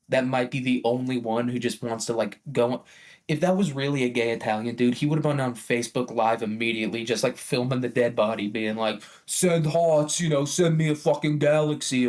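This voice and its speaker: A man giving a casual comedic rant, crude and rambling, full of filler words and swearing. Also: medium pitch. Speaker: comedy podcast host.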